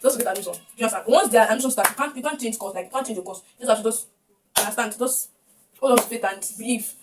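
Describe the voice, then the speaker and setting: A woman's voice: on the high side, very fast. A young woman with a Nigerian accent telling a personal story to camera, emotional and often repeating her words. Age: young adult. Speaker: vlogger. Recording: distant mic with faint background noise.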